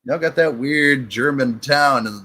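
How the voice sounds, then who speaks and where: A man's voice: medium pitch, a little slow, pushed and bright. A man hosting a comedy talk show, crude and sarcastic in casual banter. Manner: crude, sarcastic, rambling storyteller. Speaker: show host.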